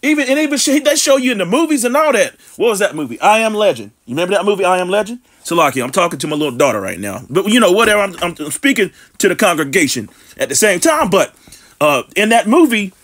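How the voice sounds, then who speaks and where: A male preacher with a high, sharply bright voice that swings widely up and down. He delivers an online sermon, reading scripture aloud and firing off emphatic rhetorical questions laced with street slang. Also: sing-song, fast talker.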